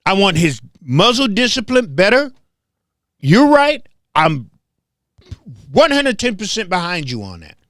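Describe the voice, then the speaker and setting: A high-voiced man from Memphis hosts his own show, talking in a heated, confrontational monologue. His pitch swings widely as he repeats his points for emphasis. The sound is dry and close. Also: very animated, normal speed, a bit bright, no room sound. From Memphis, southern US. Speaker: host.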